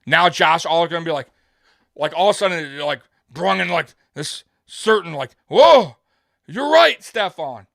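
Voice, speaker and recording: A man's voice: fairly high pitch, moderate pace, gravelly, bright, forceful tone, dry recording, studio quality. A man hosting a live sports show, talking straight to his viewers in a heated, rambling fan commentary.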